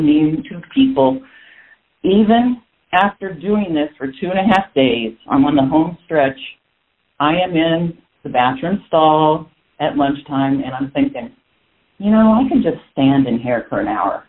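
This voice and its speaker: A middle-aged man telling a personal story in a lively, self-mocking way, jumping up in pitch for emphasis. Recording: tinny phone-like audio.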